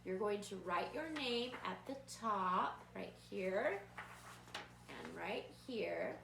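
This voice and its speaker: A woman's voice: medium pitch, lively intonation, slow, vocal fry, background noise. A woman preschool teacher giving patient, encouraging craft instructions to young children. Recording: roomy echo from a distant mic.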